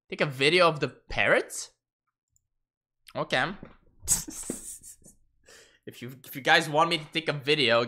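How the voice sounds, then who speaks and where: Brief: male streamer, swings all over in pitch, swears and laughs while chatting at his desk mic. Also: bright, forceful tone. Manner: profane, laughing, easily sidetracked. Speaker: gaming streamer. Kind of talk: casual livestream commentary.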